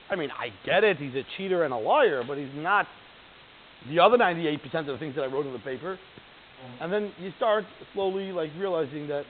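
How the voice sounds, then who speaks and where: A man with a high-pitched voice leads a text study class. He reads Hebrew lines aloud and unpacks each one in plain, chatty talk, often stopping to ask the class questions. The audio is thin and phone-like, with a faint hiss underneath. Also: animated, brisk. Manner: reads Hebrew lines aloud, then translates and explains them; conversational, asks the class rhetorical questions. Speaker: Torah teacher.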